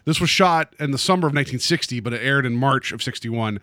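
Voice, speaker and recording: A man in a relaxed podcast chat, rambling a little and joking as he goes. His voice sits in the middle range and is recorded dry and close. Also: mid-range voice, quick pace, dry recording. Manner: rambling, joking, self-correcting. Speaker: podcast co-host. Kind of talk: casual chat.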